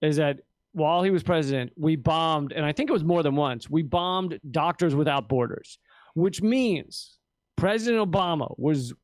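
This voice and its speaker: A man in casual political talk, rambling and animated, swearing now and then. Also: dry recording. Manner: rambling, animated, swears, mimics officials in a high voice.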